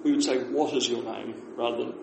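A man with a New Zealand accent, teaching beginner Māori phrases in a relaxed class, explaining slowly and repeating words for his learners. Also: medium pitch, vocal fry. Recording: echoey room with faint noise.

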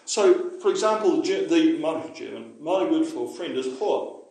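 A man's voice: a little high, animated, fairly quick, darkish tone. A man teaching a Māori language lesson to a class, chatty, explaining with asides and checking that his listeners follow. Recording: very echoey room.

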